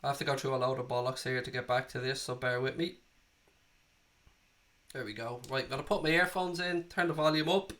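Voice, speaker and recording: A man of about thirty-eight from Dublin, Ireland, speaks in an Irish accent at medium pitch, a little fast, with a steady, sharp tone. He's running a live football watchalong, chatting bluntly to viewers and swearing freely, though a cold has him sounding off.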